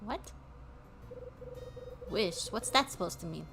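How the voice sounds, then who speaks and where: A woman's voice: mid-range voice, animated, takes it slowly, creaky, music in the background. A woman voicing a blunt, impatient former cop who speaks in curt, dismissive lines.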